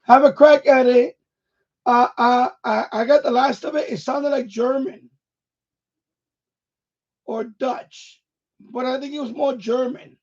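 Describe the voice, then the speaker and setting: A man's voice: very high voice, steady tone, slow, pauses often, muffled recording. A man hosting a live stream while tuning a radio, chatting casually and chuckling as he thinks aloud.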